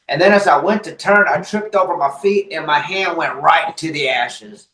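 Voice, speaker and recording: A man on a comedy podcast, telling folksy stories in casual, animated chat. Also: fairly high pitch, moderate pace, hardly any pauses. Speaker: podcast co-host. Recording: roomy echoey sound.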